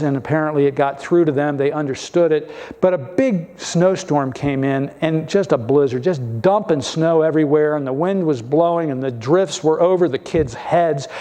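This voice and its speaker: Higher-voiced male pastor preaching. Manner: storytelling preacher with gentle humor. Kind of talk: sermon.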